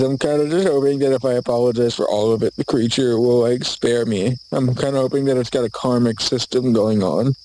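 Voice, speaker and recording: A man's voice: mid-range voice, a little mellow, a little hiss or hum, rough recording. A man delivering a mock apology monologue in a forest at night, rambling nervously, stammering and swearing as he talks into a handheld camera. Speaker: video creator. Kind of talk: mock apology monologue in a horror comedy short. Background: faint crickets and insects.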